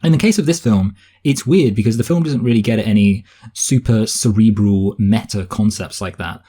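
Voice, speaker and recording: A man with a southern English accent chats through a film review, thinking aloud with plenty of restarts. His voice sits a little low, with a dark, mellow tone and a breathy, husky edge. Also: moderate pace. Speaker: podcast co-host reviewing films. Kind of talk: casual chat.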